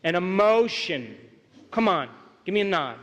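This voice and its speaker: This middle-aged workshop speaker has a high, very animated voice with a fairly bright tone, and he speaks a little slowly. Lecturing a crowd in a big hall, he's emphatic and keeps seeking their agreement. Hall reverb marks the live recording.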